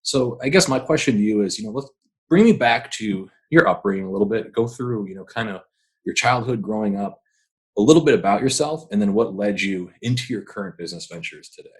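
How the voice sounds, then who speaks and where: Deep-voiced hype podcast host man. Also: fairly quick, slightly rough. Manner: energetic, hype-building introductions. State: out of breath. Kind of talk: podcast interview.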